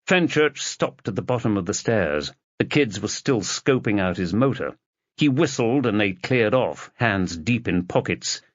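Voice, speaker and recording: A man narrating an audiobook in a steady, measured storytelling voice. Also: lowish voice, no room sound, dull audio.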